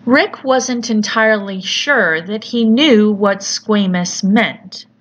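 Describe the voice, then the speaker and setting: A woman narrating a horror story in a measured, deliberate storytelling manner. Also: medium pitch. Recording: slightly muffled with faint hiss.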